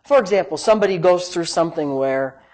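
A man's voice: on the high side, lively intonation, fast, darkish tone. Emphatic man preaching a sermon. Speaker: pastor.

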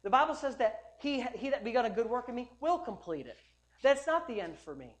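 A male pastor preaching a sermon at a church service, emphatic and repetitive, building up to loud declarations. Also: extremely high pitch, big pitch swings, brisk.

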